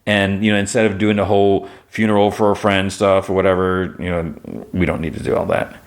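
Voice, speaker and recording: A man with a somewhat low voice hosts a casual podcast. He recaps in a loose, rambling way, stacking fillers and restarting his sentences as he goes. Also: steady tone, a little fast. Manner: rambling retelling, heavy on "like" and restarts. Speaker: podcast host.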